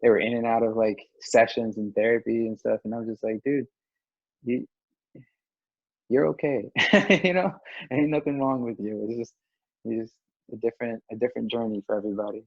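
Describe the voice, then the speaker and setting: A man's voice: mid-range voice, fast talker, no room sound. A young man speaking as a podcast guest in casual group discussion, earnest and rambling with lots of filler words. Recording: dry, dull lo-fi audio.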